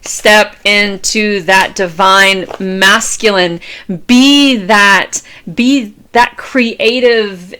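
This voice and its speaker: A woman's voice: mid-range voice, extremely slow, bright, forceful tone, slight background noise. A woman in her fifties gives a fervent, preachy motivational talk as a tarot reader. She repeats phrases and swears freely as she urges her viewers on. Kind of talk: impassioned motivational monologue.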